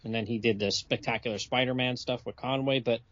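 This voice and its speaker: A man's voice: medium pitch, fairly even intonation, fairly quick, a bit bright, dry recording. Laughing man on dry lo-fi audio. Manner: knowledgeable, laughs often, short agreeing replies. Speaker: podcast co-host. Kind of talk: casual chat about comics. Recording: dry, dull lo-fi podcast audio.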